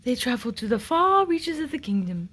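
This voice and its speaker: A woman reading a children's picture book aloud in an expressive, sing-song way. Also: high voice, a little fast, breathy edge. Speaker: storyteller.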